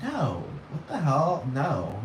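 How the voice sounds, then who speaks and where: A man's voice: fairly high pitch, wildly swooping pitch, slow pace, noisy background. A man giving a blunt, heated, profane rant as a vlogger, repeating his points. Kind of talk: profane ranting monologue. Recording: echoey room.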